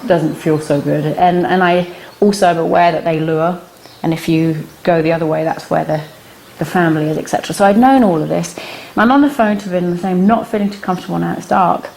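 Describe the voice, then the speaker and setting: Brisk and showing vocal fry, a middle-aged woman runs an animal communication workshop and tells a personal anecdote to the group. She is a lively, laughing storyteller whose pitch shoots up at punchlines. The setting is a workshop room with a small audience.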